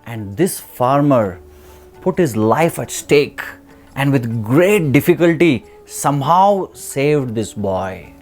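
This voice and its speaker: A man telling a motivational story in a talk, lively and acting out the voices in it. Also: medium pitch, slow, faint music behind. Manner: animated, acts out the voices in his stories. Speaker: motivational speaker.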